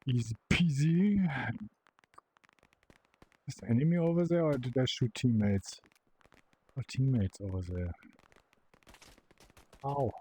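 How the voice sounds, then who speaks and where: A young man giving live commentary while playing a game, excitable and swearing as he yells at the bots. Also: mid-range voice, slow pace, long pauses, slight background noise, low-quality recording. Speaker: VR gameplay creator.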